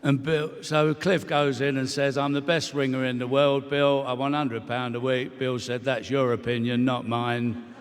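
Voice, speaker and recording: A man's voice: medium pitch, little pitch movement, normal speed. A man tells a memorial anecdote in a loose, chatty way, calling out to an old friend in the audience. He sounds set back from the mic, with a long hall reverb trailing his words. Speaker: memorial speaker. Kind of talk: eulogy anecdotes.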